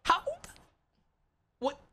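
A young adult card game player thinking aloud during a match, swearing often in frustration between calmer planning. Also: extremely slow. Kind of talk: live gameplay commentary, thinking aloud.

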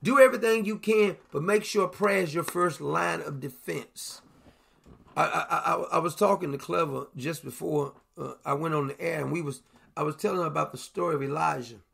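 A man preaching an informal sermon on the air, animated, repeating his words and acting out the people in his stories. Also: fairly high pitch, moderate pace, gravelly, husky. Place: broadcast studio.

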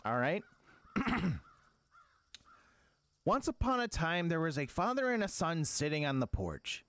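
A man's voice: on the high side, sing-song, unhurried, fairly bright tone, clean tone, no room sound, studio quality. A man, a gaming streamer, doing comic role-play as a dad, talking in a mock-parental, scolding, sing-song way.

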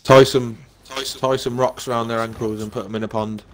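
A man's voice: mid-range voice, flat delivery, a little fast, slight background noise. A man joking in a laid-back way during a group gaming session. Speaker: gamer in voice chat. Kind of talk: casual gaming banter.

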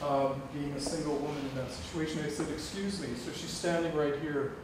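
A man's voice: a little high, steady tone, a little fast. A middle-aged man telling a personal story to an audience, acting out the dialogue and laughing often. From Canada. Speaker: guest speaker. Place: lecture hall on a campus. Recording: distant, echoey room recording with noise.

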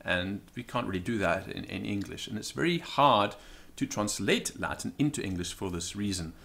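A man with a somewhat low voice teaches in an unscripted, conversational way. He fills his pauses with ums as he thinks aloud, then slows down to stress each example. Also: animated, vocal fry, a bit bright. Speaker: Latin teacher. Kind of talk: informal spoken lesson.

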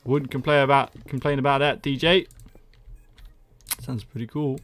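A man's voice: mid-range voice, fairly even intonation, normal speed, fairly bright tone, slight background noise. A young man live-streaming Minecraft, chatting jokily with viewers and answering them by name. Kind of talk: casual live-stream chat, reading chat aloud.

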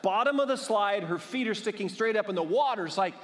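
A man's voice: high voice, expressive, a little fast, a bit bright. A male pastor preaching a sermon, telling a humorous personal story and building to fervent exhortation. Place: church sanctuary. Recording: long church hall reverb.

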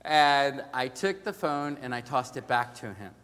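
A middle-aged male pastor preaching a storytelling sermon, dropping to a hush and then rising to loud emphasis. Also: medium pitch, expressive, measured pace, smooth. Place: large church sanctuary. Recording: long reverb of a large church hall.

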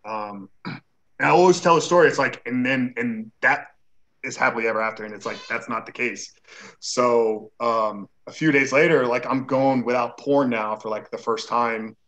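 A male guest tells a personal story at an everyday pitch, scattering "like" fillers and acting out the dialogue he quotes. The recording sounds slightly muffled and lo-fi. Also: normal speed, fairly bright tone. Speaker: interview guest.

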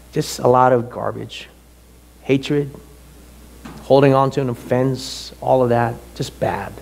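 A middle-aged man, a pastor, telling a personal story in a sermon with animated, emotional delivery. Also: medium pitch.

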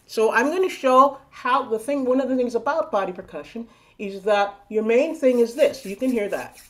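A woman's voice: fairly high pitch, normal speed, a bit bright. A woman leading a body percussion lesson over a video call, playful and coaxing, counting and chanting rhythms aloud. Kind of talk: live online teaching. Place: home room on a video call.

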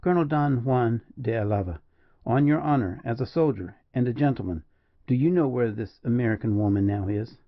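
A man's voice: medium pitch, fairly quick, no room sound, phone-quality sound, natural voice. A man voicing a cold, stern general who questions prisoners with harsh commands.

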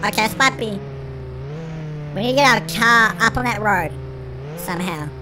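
A performer voicing an excitable cartoon chipmunk in a sped-up chipmunk filter, giving panicky, shrieky game commentary as the channel host. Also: mid-range voice, moderate pace. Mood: frantic. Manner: shrieky, panicky, constantly shouting to friends. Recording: noisy game sounds behind.

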